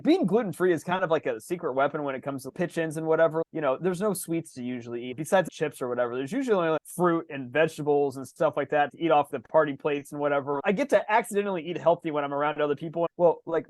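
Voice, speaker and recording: Guy rambling fast in casual podcast chat, cusses a lot, dry close sound. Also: fairly high pitch, no echo. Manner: animated storyteller, swears freely. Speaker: podcast co-host.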